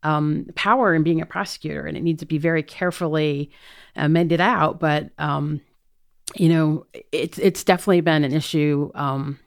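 A woman's voice: sits low, fairly even intonation, normal speed, smooth. A middle-aged woman, a prosecutor running for office, answering interview questions earnestly with frequent fillers and restarts. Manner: earnest, thinks aloud with many fillers. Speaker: prosecutor and DA candidate.

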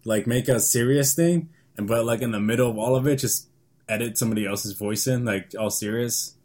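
A man's voice: medium pitch, brisk, darkish tone. A young man co-hosting a podcast, chatting in a goofy, rambling way and laughing often. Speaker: podcast co-host. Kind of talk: casual chat.

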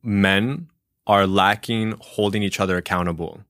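Podcast co-host, male, low-pitched, emphatic and opinionated, dry close recording. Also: steady tone, unhurried, a bit bright, dry recording. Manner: opinionated, emphatic, repeats words when starting. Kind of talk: casual podcast discussion.

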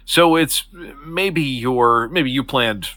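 A man's voice: medium pitch, slow, sharp tone, no echo. A man narrating as game master of a tabletop game, with a hesitant, filler-heavy delivery.

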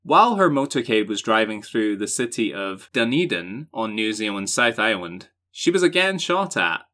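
A man's voice: fairly low pitch, very animated, sharp tone. A man hosting a podcast, reading out a story and joking sarcastically, with some swearing. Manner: sarcastic, swearing, quick jokes. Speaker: podcast host. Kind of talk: casual chat, reading from notes.

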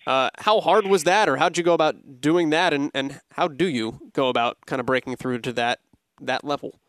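A man interviewing a guest, asking long questions with halting restarts. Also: fairly high pitch, a bit bright, no room sound. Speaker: podcast interviewer.

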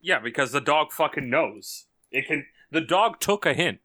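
A man's voice: a little high, expressive, moderate pace, sharp tone. A man in casual chat, making dry, blunt, teasing remarks.

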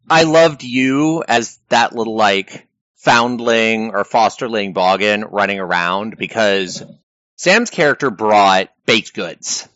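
A man chatting casually, recapping a live-action game as a lively storyteller who laughs often. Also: fairly low pitch, slow pace, no room sound. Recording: dull lo-fi recording.

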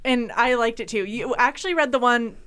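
A woman's voice: fairly high pitch, a little fast, background noise. A woman co-hosting a podcast in casual chat, easygoing and laughing often. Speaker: podcast co-host.

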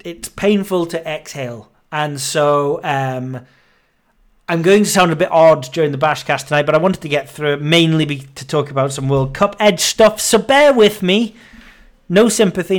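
A man in his thirties hosting a podcast, out of breath, rambling and grumbling with self-mocking humor. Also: fairly high pitch. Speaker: podcast host. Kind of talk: casual monologue.

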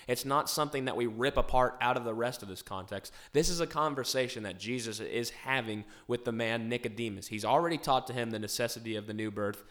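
A man hosting a Bible study who guides the discussion and reads verses aloud in a measured way, building emphasis on the key lines. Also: mid-range voice, a bit bright. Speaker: host leading a Bible study. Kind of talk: conversational Bible study with scripture reading.

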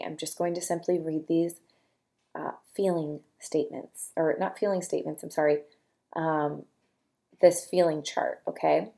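A young woman hosting a podcast, talking casually to listeners, then reading a long list of feeling words slowly and softly one at a time. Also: on the low side. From California. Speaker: podcast host.

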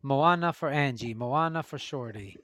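A man hosting a casual group chat, briskly calling out movie matchups and tallying everyone's votes. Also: mid-range voice, a bit bright, no echo. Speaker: host running a movie vote.

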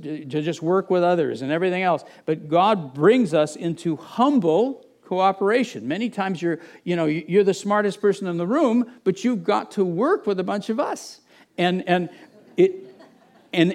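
A middle-aged male pastor preaching a conversational sermon, with frequent restarts and asides to the congregation. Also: high voice.

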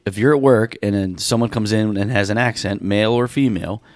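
Easygoing low-voiced podcast host. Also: male voice, brisk, no echo, clean studio sound. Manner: easygoing, reads out the topics. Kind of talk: casual chat.

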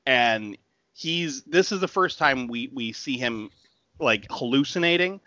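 An animated man in his thirties walks through a movie plot in casual podcast chat, his pitch jumping around as he laughs and acts out lines. His voice sounds bright and a little tense. The recording is dry and slightly dull. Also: measured pace, dry recording. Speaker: podcast co-host.

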